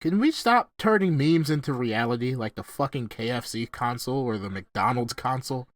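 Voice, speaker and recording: Animated, swearing young podcast host. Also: male voice, mid-range voice, normal speed, no room sound. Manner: profane, excitable, laughs often. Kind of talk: casual gaming-friends chat.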